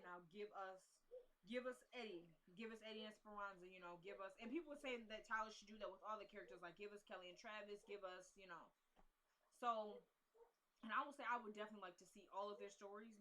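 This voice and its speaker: A young woman talks straight to her camera from home, giving her opinions on a TV drama in a loose, chatty way. Her voice is bright and forward, and she fills her sentences with "you know" and "like". She sounds opinionated and fully at ease. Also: medium pitch, rough recording. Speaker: vlogger reviewing a TV drama. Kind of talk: casual talking-head commentary. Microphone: camera built-in mic.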